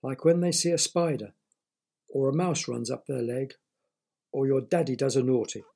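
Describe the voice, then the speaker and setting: A man's voice: medium pitch, normal speed, gravelly, mellow, slight background noise. A man reading a children's story aloud, stopping to explain words to young listeners.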